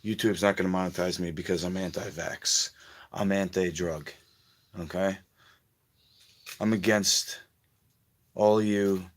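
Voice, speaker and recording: Bossy low-voiced man livestreaming. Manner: bossy, instructing step by step; blunt and crude. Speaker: livestream host. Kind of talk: casual live-stream chat.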